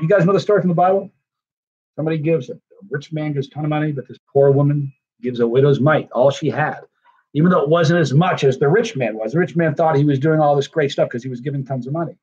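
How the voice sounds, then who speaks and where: A weary man hosting a livestream thanks his viewers individually, rambling and effusive in casual chat. His voice sits a little high with a darkish, breathy tone, and the stream audio is dull and lo-fi.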